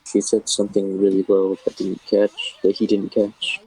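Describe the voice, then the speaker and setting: A man reading a scary story aloud in a casual, flat delivery, swearing often. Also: fairly low pitch, normal speed, slightly rough, poor audio.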